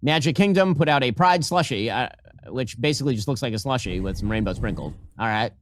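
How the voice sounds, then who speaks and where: A man's voice: mid-range voice, lively intonation, brisk, noisy background. A man delivering opinion commentary, emphatic and sardonic, reading quotes aloud. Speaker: political commentator.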